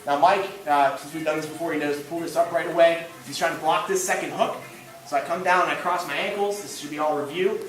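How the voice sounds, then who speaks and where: A man's voice: fairly high pitch, fairly even intonation, quick pace. A man teaching a grappling class live, demonstrating on a partner and cracking self-mocking jokes as he coaches. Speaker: jiu-jitsu instructor. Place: indoor training gym. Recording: echoey gym from far off.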